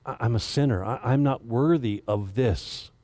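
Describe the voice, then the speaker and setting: A man's voice: medium pitch, normal speed, a little mellow, dry recording, pitched below the performer's own voice, natural voice. A man voicing Simon Peter, a tired, doubtful fisherman who turns snarky and then humbled, inside a sermon.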